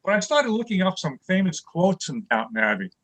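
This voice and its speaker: A man's voice: sits high, big pitch swings, a little fast, fairly bright tone. A man comedian telling jokes on a video call in a wry, folksy way, with plenty of filler words. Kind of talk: stand-up bit on a video call.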